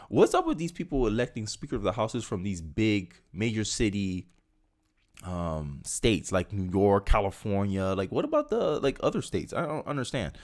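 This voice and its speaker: Lower-voiced young man riffing on politics. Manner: animated and conversational, slipping into mocking voices. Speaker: political commentary host. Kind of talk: casual political commentary, reading news aloud and reacting.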